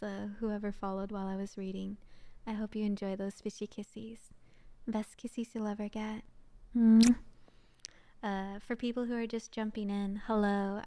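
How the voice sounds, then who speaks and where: A young woman streamer who reads short stories aloud in a soft, often whispered voice and chats between them with frequent giggles. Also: mid-range voice. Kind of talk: soft whispered story reading and chat.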